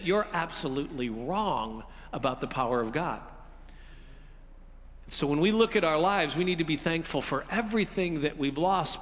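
A man's voice: a little high, a bit bright. A middle-aged male pastor preaching a sermon in a conversational, humorous way, acting out the reactions of his listeners. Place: church sanctuary. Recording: long reverb of a large hall.

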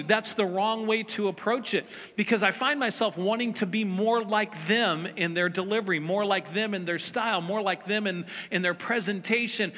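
A man's voice: high-pitched, bright, forceful tone. A man preaching a sermon as pastor, speaking emphatically and directly to his congregation. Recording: long reverb of a large hall.

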